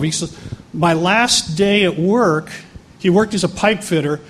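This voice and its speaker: A man's voice: high voice, measured pace, slight background noise. A middle-aged male pastor telling a healing story in a sermon, acting out the people he quotes. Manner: animated, acts out quoted voices.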